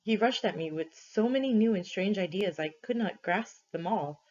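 A teacher reading a first-person novel aloud for a class, measured and deliberate, pausing for study questions, on a dull lo-fi recording. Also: mid-range voice, a little mellow.

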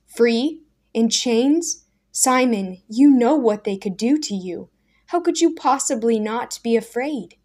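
Woman doing young man, angry, near tears, loud, challenging, storybook. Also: fairly high pitch, expressive, slow, pitched above the performer's own voice. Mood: scornful, desperate.

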